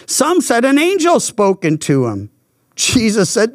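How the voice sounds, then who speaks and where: An older man preaching a sermon in an emphatic, deliberate way, a pastor teaching from Scripture. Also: very high-pitched, huge pitch swings, no echo, clean studio sound.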